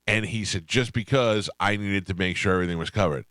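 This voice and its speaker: A radio host telling a story in casual chat, acting out the people in it. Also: male voice, lowish voice, a little fast, no room sound, clean studio sound. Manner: animated, acts out quoted voices.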